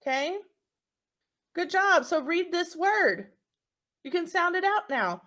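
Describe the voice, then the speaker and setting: In a recorded phonics lesson, a woman teacher encourages young children and sounds out words slowly. Her voice is high and fairly bright, with lively intonation.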